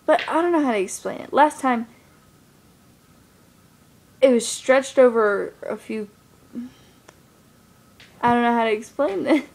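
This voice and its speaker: A woman's voice: on the high side, a little slow, long pauses, darkish tone. A young woman vlogging to her camera, telling a personal story in a rambling casual way, full of fillers. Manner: rambling, lots of fillers like "like" and "you know".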